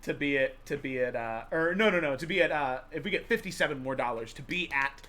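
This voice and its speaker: A man's voice: a little high, fast talker, sharp tone. A man co-hosting a charity stream, chatting casually and playfully teasing his co-host. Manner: playful, joking. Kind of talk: casual chat.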